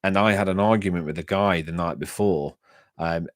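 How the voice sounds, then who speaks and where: An English man with a deep, steady voice chats on a casual livestream at a moderate pace, in clean studio sound with no room echo. He reads the chat and rambles from one story to the next, laughing often and restarting his sentences.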